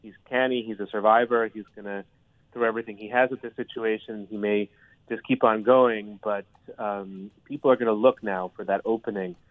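A man's voice: on the low side, steady tone, fairly quick, no room sound. A man, a history professor, giving analysis in a radio interview with a thoughtful, hedging way of talking. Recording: tinny dry phone line.

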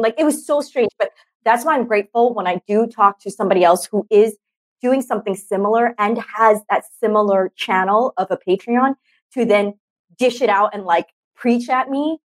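Woman host, sincere and thoughtful, easygoing conversational delivery. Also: mid-range voice. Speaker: podcast host. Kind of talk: casual chat.

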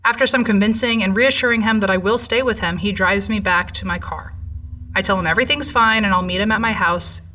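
A woman narrating a true horror story in a measured, somber way. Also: medium pitch, pushed and bright, recorded from a distance.

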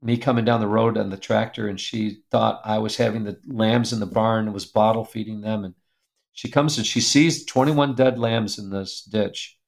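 A man speaking as an interview guest, telling an earnest, emotional story with an animated delivery that drops to a soft hush at tender moments. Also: lowish voice, normal speed, creaky. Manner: animated, acts out quoted voices. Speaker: guest speaker, publisher founder.

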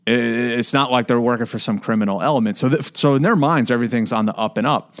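A man's voice: mid-range voice, quick pace. A man from the United States talking through a story in casual podcast chat, with frequent fillers and restarts. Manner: conversational, many fillers and restarts.

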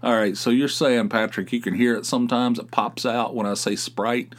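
A man's voice: mid-range voice, steady tone, normal speed. Rambling West Virginian man. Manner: rambling, profane, wry. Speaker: podcast host. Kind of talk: casual monologue.

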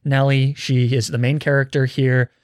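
A man's voice: mid-range voice, little pitch movement, moderate pace, dry recording, studio quality. A man in his twenties chatting casually as a podcast host, running a quiz game with his co-host. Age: 20s. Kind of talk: casual chat.

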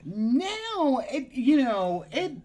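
A middle-aged woman chatting casually as a podcast co-host, playful, throwing in quick asides. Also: sits high, sing-song, dark tone. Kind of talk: casual chat.

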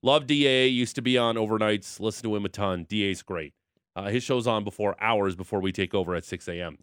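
A man hosting a sports radio show in casual, jokey studio banter with quick asides, on a studio microphone. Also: on the low side, fairly bright tone, smooth, dry recording.

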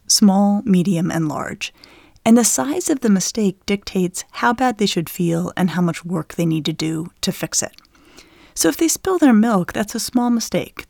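A middle-aged woman appears as an expert guest, giving a chatty, conversational explanation full of anecdotes. Her medium-pitched, gravelly voice is recorded dry and close, and she stays lively, explains things plainly, and laughs often.

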